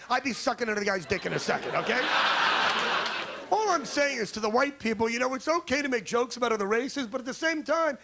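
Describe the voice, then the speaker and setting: A man's voice: high-pitched, gravelly, fairly bright tone, a little hiss or hum. A man from the United States doing a crude, brash stand-up routine on a comedy club stage, riffing with the crowd.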